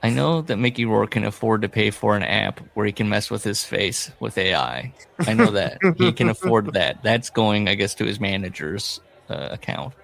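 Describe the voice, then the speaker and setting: A man's voice: fairly low pitch, sing-song, normal speed, creaky, few pauses, a bit bright. A man co-hosting a podcast, telling stories in a rambling, casual way and laughing often. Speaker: podcast co-host. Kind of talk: casual comedic chat.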